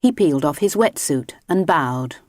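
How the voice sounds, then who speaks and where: A woman reading a children's storybook aloud in a gentle, expressive way. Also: low-pitched, moderate pace, dry recording, studio quality. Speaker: audiobook narrator. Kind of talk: storybook narration.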